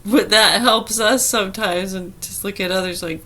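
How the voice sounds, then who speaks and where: A woman talks straight to her audience in a casual vlog, telling a story. She is chatty and laughs often as she acts out the voices of the people in it. Her pitch sits in an ordinary middle range for a woman. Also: moderate pace, slight background noise. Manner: chatty, laughing, animated retelling. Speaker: vlogger.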